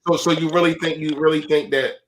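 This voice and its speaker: A man's voice: a little high, steady tone, fast. A man co-hosting a sports podcast, teasing and stumbling over repeated starts in casual chat. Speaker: podcast co-host.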